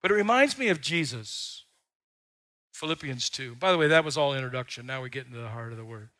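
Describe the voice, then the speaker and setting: Bright-voiced preaching pastor. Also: male voice, fairly high pitch, big pitch swings, a little fast. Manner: folksy storytelling, swells loud on key lines. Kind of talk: sermon.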